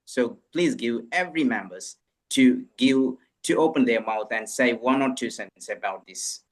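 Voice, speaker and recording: Brief: mid-pitched man moderator, courteous and insistent, video call. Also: moderate pace. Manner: polite, repetitive, urging others along. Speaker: session organizer. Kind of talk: online meeting moderation.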